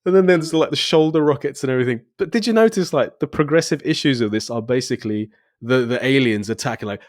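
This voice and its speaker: A man's voice: mid-range voice, fast talker, no echo, clean studio sound. A man co-hosting a podcast in casual chat, laughing often and acting out lines of dialogue. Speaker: podcast co-host.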